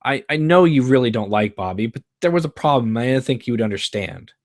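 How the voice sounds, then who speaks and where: A man's voice: medium pitch, lively intonation, fairly quick, no room sound, studio quality, lightly acted. A man reading a screenplay aloud live and voicing a defensive, anxious teenage girl. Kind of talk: live screenplay read-through.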